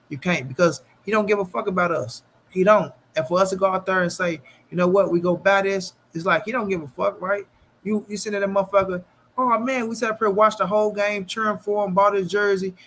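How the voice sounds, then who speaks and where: A man's voice: high-pitched, a bit bright, slight background noise. A man hosting a long live stream, talking casually and bluntly, thanking his chat. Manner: laid-back, profane, agreeable.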